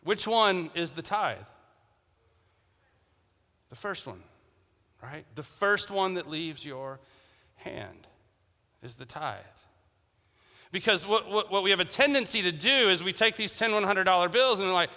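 A man's voice: high-pitched, expressive, unhurried, long pauses, pushed and bright. A man preaching a sermon, telling a story and acting out its people's voices, with many restarts. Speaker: pastor. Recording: long reverb of a church hall.

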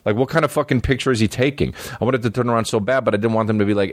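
A man's voice: medium pitch, racing, no echo. A male comedian hosting his podcast, telling loose, profane, meandering stories full of fillers in a studio. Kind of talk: rambling casual storytelling. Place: recording studio.

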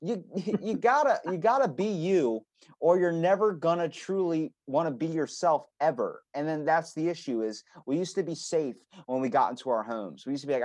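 A man's voice: a little high, lively intonation, normal speed, a little mellow, no room sound. A man hosting a podcast who talks bluntly, gives strong opinions and swears freely. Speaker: podcast host. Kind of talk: casual conversation.

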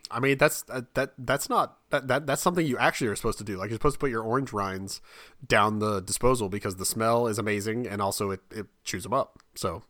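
A man's voice: lowish voice, quick pace, a bit bright, no room sound, studio quality. A man in his thirties chatting casually on a podcast, laughing often, stumbling over restarts and slipping into exasperated put-on voices. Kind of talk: casual comedic chat.

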